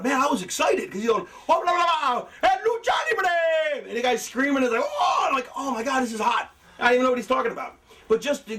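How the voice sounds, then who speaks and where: High-voiced middle-aged man, profane storyteller. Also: far from the mic. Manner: profane, animated, acts out quotes. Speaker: veteran wrestler explaining booking. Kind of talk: casual storytelling.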